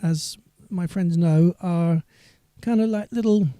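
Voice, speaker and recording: A man's voice: high voice, slow pace, dark tone, clear, resonant tone, no echo, clean studio sound. A singer-songwriter man chatting on a live stream between songs, rambling and reading viewer comments aloud.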